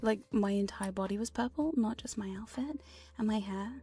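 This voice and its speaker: A VTuber streamer whispers through a playful, teasing ASMR chat, swearing casually, recorded up close on a binaural dummy-head mic. Her voice is medium-pitched, mellow and husky, at a moderate pace.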